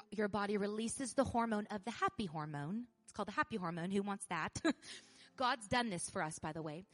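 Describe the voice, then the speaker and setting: Animated woman pastor preaching. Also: mid-range voice. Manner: animated, laughing, repetitive, building to loud emphasis. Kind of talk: sermon.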